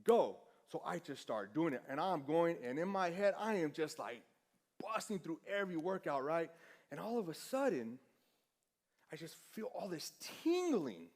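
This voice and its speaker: A man's voice: on the high side, big pitch swings, moderate pace. A man preaching a sermon in a casual storytelling way, self-deprecating and acting out the dialogue. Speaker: pastor.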